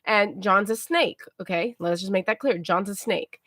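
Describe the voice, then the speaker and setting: A woman livestreamer telling a story to her viewers in a casual, animated way, often checking in with them. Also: mid-range voice, normal speed, no room sound, clean studio sound. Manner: chatty, animated retelling, keeps checking in with "okay?".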